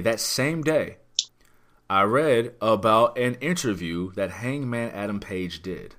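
A man's voice: mid-range voice, fairly bright tone. A man hosting a podcast, talking through wrestling news in a rambling, emphatic way with lots of rhetorical questions. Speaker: podcast host. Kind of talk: casual wrestling chat.

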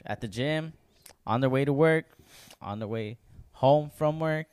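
A young man co-hosting a podcast, chatting casually in an animated, emphatic way and swearing freely. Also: mid-range voice, unhurried, smooth, no room sound. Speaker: podcast co-host. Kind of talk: casual chat.

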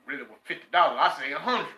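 A man's voice: on the high side, expressive, fast talker, pushed and bright, roomy sound, poor audio. An older man from Texas, telling stories casually and profanely as a guest. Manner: profane, laughing storyteller. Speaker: guest, former prisoner. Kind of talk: casual storytelling.

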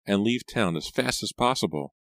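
A man's voice: lowish voice, expressive, moderate pace, a bit bright, no echo, pitched above the performer's own voice. A man voicing a frightened, shaky teenage girl in an audiobook, stammering and fretful. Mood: tearful.

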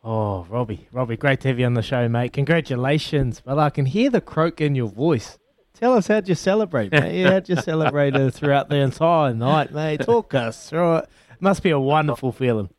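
A man's voice: mid-range voice, animated, moderate pace, darkish tone, no echo. A male radio co-host, asking a guest enthusiastic questions and leaning on mate. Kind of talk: radio sports interview.

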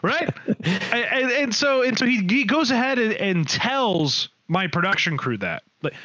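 A man hosting a podcast, telling a story in a casual, animated way, often correcting himself mid-sentence. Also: sits high, normal speed, dry recording, lo-fi sound. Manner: animated, rambling, self-correcting. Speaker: podcast host.

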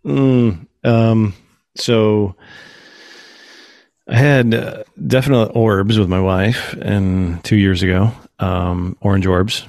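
Gravelly low-voiced man telling a story. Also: slow, dry recording, studio quality. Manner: animated storytelling, acts out quotes. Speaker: podcast host. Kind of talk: casual chat.

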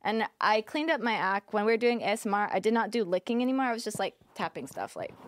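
A young woman, a former streamer, is a guest on a podcast, speaking quickly and animatedly in a mid-range voice with a slight hiss or hum. The interview is candid and casual, and she says "like" constantly and laughs often.

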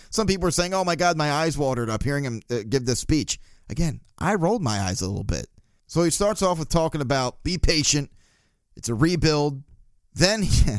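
A man's voice: on the high side, no echo, clean studio sound. A man hosting his own podcast, ranting casually and sarcastically, often laughing. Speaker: podcast host. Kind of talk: casual solo podcast rant.

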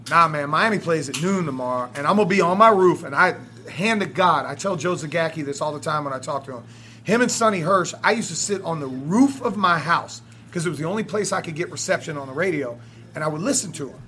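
A man in his forties from South Florida, talking sports with a high, bright voice. He is profane and fired-up, and he climbs into shouts when the rivalry comes up. A faint ambience sits under him. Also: animated, fast talker, a little hiss or hum. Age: 40s. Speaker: radio host. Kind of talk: animated sports talk.

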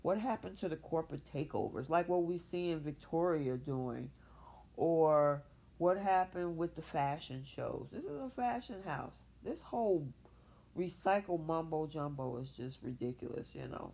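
A woman's voice: deep voice, vocal fry. A woman hosting a soap opera recap show solo, talking animatedly and opinionatedly, with a casual style. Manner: animated, opinionated, speaks for characters in her own voice. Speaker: podcast host.

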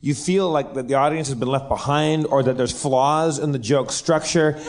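A man co-hosting a live comedy show, cutting in with quick, teasing remarks. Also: mid-range voice. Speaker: co-host.

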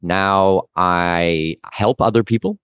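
Deep-voiced man with a faint Canadian accent. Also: slow pace, fairly bright tone, clear, resonant tone, no echo, clean studio sound. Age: 40s. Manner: chatty, with fillers and restarts. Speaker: guest. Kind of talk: casual interview talk.

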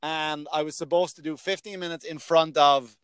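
In casual conversation, a male stand-up comedian shares stories from his shows, swearing without restraint and acting out others' words. His voice is a little high and fairly bright, with fairly even intonation, a moderate pace, a clean tone, and no echo.

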